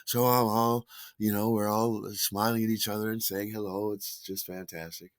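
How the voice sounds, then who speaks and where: A man telling a story in a casual, animated way, delighted with his own tale and acting out quoted lines with big jumps in voice. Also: fairly low pitch, moderate pace, dry recording.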